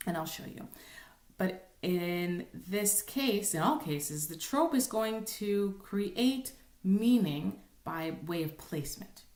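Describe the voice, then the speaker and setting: A woman's voice: medium pitch, expressive, slow pace, a little mellow. Woman cantor teaching, echoey room. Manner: conversational, frequent ums and rhetorical "right?". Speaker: cantor teaching Torah chanting. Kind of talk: informal recorded lesson with sung examples.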